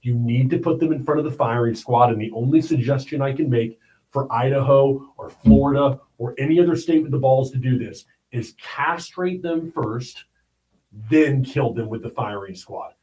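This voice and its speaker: A man's voice: mid-range voice, moderate pace, mellow, poor audio. A man hosting a livestream, giving blunt, emphatic commentary on the news and often checking in with "all right?". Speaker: livestream host.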